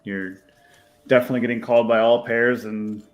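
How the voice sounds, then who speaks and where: A man's voice: mid-range voice, flat delivery, a little fast, soft background music. A man commentating live poker, breaking down hand strategy in an analytical, easily amused way.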